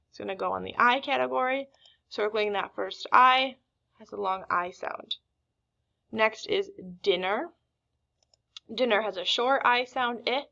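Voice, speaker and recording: A woman teaching a recorded phonics lesson, reading words slowly and deliberately. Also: medium pitch, vocal fry, sharp tone, highs cut off. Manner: slow, deliberate word-by-word reading.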